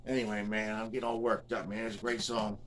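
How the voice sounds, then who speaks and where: A man's voice: fairly low pitch, little pitch movement, fast. A man in his fifties telling a rambling, casual story, swearing freely and tagging his sentences with "man" and "you know what I mean". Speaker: guitar restorer and vlogger. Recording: loud guitar playing behind the voice.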